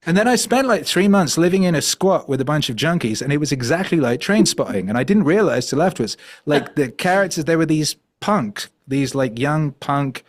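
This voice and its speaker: A man's voice: fairly high pitch, normal speed, hardly any pauses. Rambling middle-aged male podcast guest. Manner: animated, rambling, many fillers and restarts. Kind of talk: storytelling conversation.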